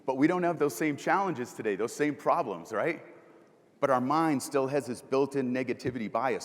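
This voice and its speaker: Man, motivational keynote speaker, asks audience questions, guides breathing, mid pitch, long hall reverb. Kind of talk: live conference keynote. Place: large conference hall.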